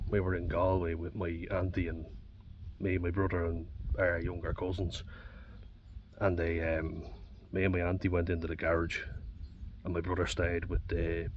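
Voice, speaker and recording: A man with an Irish accent talking bluntly and candidly, swearing often, in a personal reflective monologue. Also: low voice. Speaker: vlogger. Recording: dull distant mic with faint background noise.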